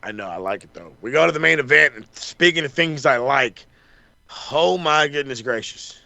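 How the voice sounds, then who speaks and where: A man co-hosting a podcast, recapping wrestling in a casual, animated and profane way, acting out the wrestlers' lines. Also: medium pitch, fairly quick, gravelly, no room sound. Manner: animated, swears a lot, acts out wrestlers' lines. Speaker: podcast co-host.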